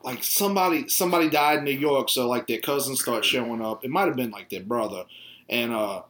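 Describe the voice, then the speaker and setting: A man's voice: medium pitch, a bit bright, slight background noise. A man hosting a podcast, chatting casually and retelling things with lots of fillers and restarts. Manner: rambling, halting retelling with many fillers. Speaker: podcast host.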